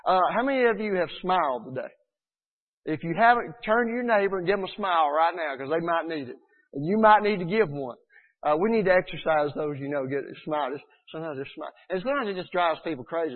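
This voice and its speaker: An earnest man preaches a sermon, his voice sitting a little high. He is animated and acts out the people he quotes. The sound is thin and tinny, as if heard down a phone line. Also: fairly quick. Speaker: pastor.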